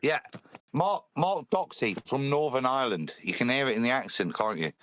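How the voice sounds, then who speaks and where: Blunt, halting British man. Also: medium pitch, expressive, a bit bright, lo-fi sound, slight background noise. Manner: halting, blunt and crude, with many restarts. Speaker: co-host. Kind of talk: casual live-stream chat.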